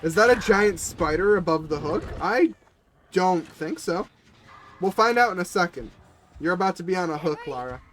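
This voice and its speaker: A man's voice: high-pitched, expressive, normal speed, a bit bright, a little hiss or hum. A man who is a little sick, chatting casually with viewers and players as he streams a game.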